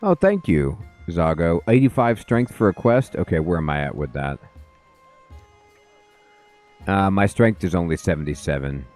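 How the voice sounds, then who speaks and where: A man with a low voice talks through his game session in a loose, chatty way. He thanks viewers in quick, bright bursts. Faint music plays under his voice. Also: very animated. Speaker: gaming host. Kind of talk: casual let's play commentary.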